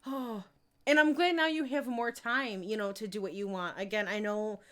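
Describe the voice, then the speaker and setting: Her voice is medium-pitched, steady in tone and a bit bright, at a moderate pace. A young woman streaming a life-sim game, she chats casually as commentary, reads viewer messages aloud, and sprinkles in many fillers and giggles.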